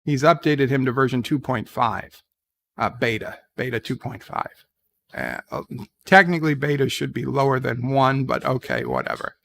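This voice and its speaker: A man's voice: medium pitch, very animated, moderate pace, vocal fry, a bit bright. A man giving a casual, rambling recap of a TV episode, full of fillers and restarts. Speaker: show reviewer.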